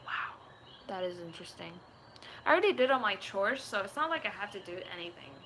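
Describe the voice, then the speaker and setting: A woman's voice: mid-range voice, sing-song, a little fast, pushed and bright, slight background noise, poor audio. A young woman from Puerto Rico chatting casually with her viewers on a live stream, her voice a little sore and tired from talking for hours. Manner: reads chat questions and answers offhand, tries joke accents.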